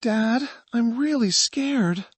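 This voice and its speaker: A man voicing a frightened seventeen-year-old girl in a narrated thriller story, his voice pushed high and strained. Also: wildly swooping pitch, a little slow, breathy edge, no echo, exaggerated voice. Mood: panicked.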